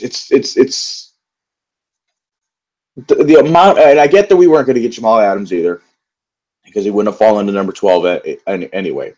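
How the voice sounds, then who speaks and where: A young man records a solo football recap vlog, angrily ranting with profanity and rambling through many fillers and restarts. His voice is fairly low and darkish, and the audio quality is poor.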